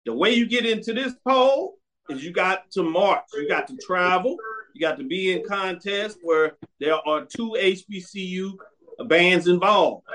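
A man's voice: high-pitched, fairly bright tone. A man hosting a sports show, giving blunt, opinionated commentary and hammering his points with repeated commands.

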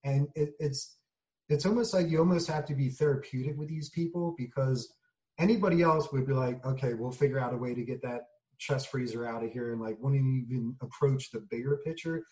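A man's voice: mid-range voice, brisk, darkish tone. A man telling a story in casual conversation as an interview guest, acting out the quoted lines. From United States. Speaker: guest, junk removal business owner. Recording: voice a bit distant from the mic.

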